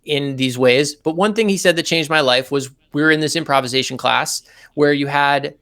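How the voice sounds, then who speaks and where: A man, a guest saxophonist in an interview, telling animated anecdotes and explaining technical ideas step by step in a relaxed way. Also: a little high, brisk.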